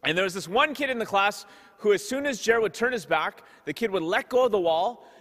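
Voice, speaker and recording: High-voiced pastor preaching in a reverberant hall. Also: male voice, expressive, brisk, a bit bright. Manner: storytelling, repeats words as he talks. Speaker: parish pastor. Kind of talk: conversational Sunday sermon with stories.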